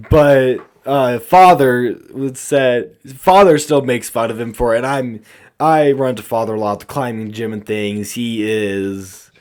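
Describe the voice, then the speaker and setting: Casual podcast co-host, male, animated storyteller, average pitch. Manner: animated storyteller, acts out quotes. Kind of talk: casual chat.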